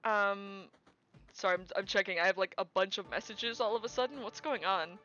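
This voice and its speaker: A young woman streamer chatting casually, telling a story with lots of fillers, restarts and excited quoted lines. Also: medium pitch, brisk, highs cut off. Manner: animated, rambling with many fillers and restarts, quoting people in raised voice.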